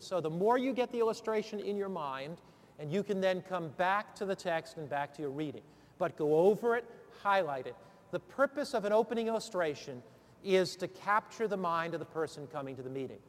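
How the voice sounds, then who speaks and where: A man coaching preachers through a sermon series, then preaching the text with rousing call-and-response questions. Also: high-pitched. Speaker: preacher training other preachers. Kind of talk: sermon-preparation instruction turning into preaching. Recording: long hall reverb.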